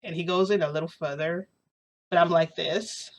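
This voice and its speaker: A woman's voice: fairly low pitch, fairly even intonation, normal speed. A woman telling a casual story in a rambling, giggly way, full of fillers and restarts.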